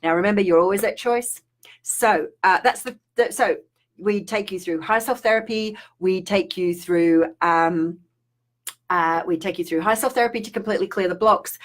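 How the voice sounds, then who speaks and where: A woman's voice: medium pitch, normal speed. Middle-aged aussie woman rambling on a live stream, lots of ums and restarts. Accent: Australian. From Australia. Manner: chatty, rambling, with many restarts and fillers. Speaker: spiritual coach. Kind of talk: casual live-stream talk.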